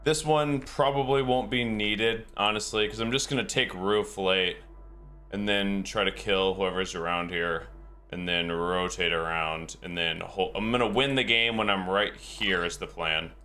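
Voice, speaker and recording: A man's voice: sits low, steady tone, measured pace, sharp tone, soft background music. A game streamer, a man, chatting casually with his live viewers in a rambling, easygoing way and chuckling often.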